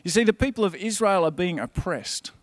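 A man preaching a conversational, earnest sermon in a slightly higher voice. The sound is dry and close, with hardly any room around him. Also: animated, a little fast, no room sound.

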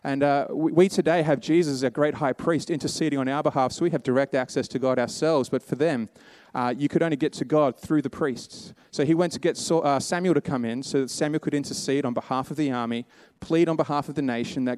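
A male preacher gives a relaxed, chatty sermon and retells the story in everyday speech. His voice sits at a middle pitch, and the recording is dry and close, with no room echo. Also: brisk, hardly any pauses. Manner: casual storytelling, acts out characters' quotes.

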